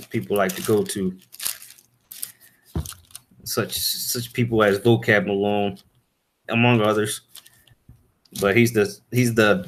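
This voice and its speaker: A man giving an informal Bible lesson, halting with many fillers and "all right?" tags, and reading verses aloud in old-fashioned wording. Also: fairly low pitch, slight background noise. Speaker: Bible teacher. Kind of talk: informal scripture teaching.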